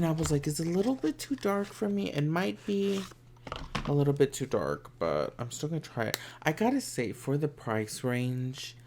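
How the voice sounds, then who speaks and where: Sassy, gravelly-voiced man doing makeup. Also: medium pitch, slight background noise. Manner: campy, sassy, chatty; drops to whispered asides. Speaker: makeup vlogger. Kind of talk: casual makeup tutorial chat.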